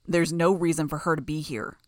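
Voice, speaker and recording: A woman's voice: deep voice, fairly even intonation, brisk, no echo, studio quality, natural voice. A woman voicing a suspicious, cold male hero with a clipped manner. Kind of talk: audiobook character voice.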